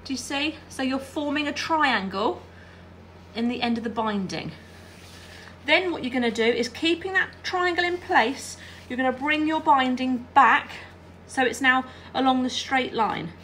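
High, bright-toned woman for a chatty sewing tutorial, working at her machine and asking the viewer to follow along. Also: measured pace, slight background noise. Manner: chatty, checks in with "all right?". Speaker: quilting teacher. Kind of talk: hands-on craft tutorial.

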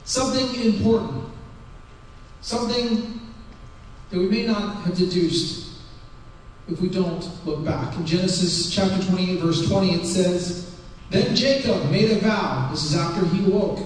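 A man's voice: high voice, a little slow, pauses often, heavy reverb, in a large hall, distant mic, a little hiss or hum, rough recording. A man preaching a sermon, telling the story in a casual, conversational way. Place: church sanctuary.

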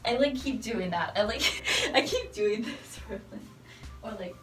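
A woman's voice: a little high, animated, a little slow. Giggly young woman rambling to camera. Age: young adult. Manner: giggly, profane, scattered. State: tired, voice cracking. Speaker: vlogger. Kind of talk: casual rambling vlog. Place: dorm room at night. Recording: distant camera with faint music.

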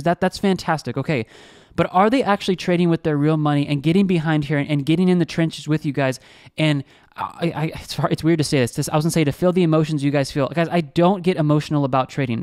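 Energetic young male vlog host, quick and clear, pitching trades with constant "guys". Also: no room sound, clean studio sound. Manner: energetic, hyped, repeats "guys" and "like". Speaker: crypto trading channel host. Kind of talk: screen-share trading vlog, salesy.

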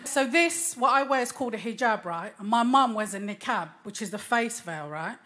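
A woman in her thirties with a London accent, performing a stand-up comedy set with a cheeky, deadpan delivery. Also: a little high, moderate pace, background noise. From London, England. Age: 30s. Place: small comedy club stage. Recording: live club recording with loud crowd. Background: loud audience laughter and applause.

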